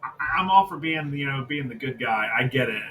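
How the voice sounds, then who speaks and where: A man's voice: mid-range voice, expressive, moderate pace, pushed and bright, a little hiss or hum, poor audio. A man co-hosting a wrestling review podcast, ranting heatedly and with lots of profanity about a storyline. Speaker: podcast co-host. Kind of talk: casual wrestling review chat.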